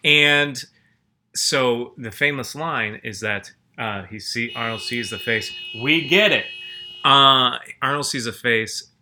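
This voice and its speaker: A man's voice: mid-range voice, slow pace, noisy background. A man chatting casually as a podcast co-host, rambling through stories and often stopping to restart his sentences. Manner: rambling, self-interrupting storyteller. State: groggy after a nap. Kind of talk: casual chat.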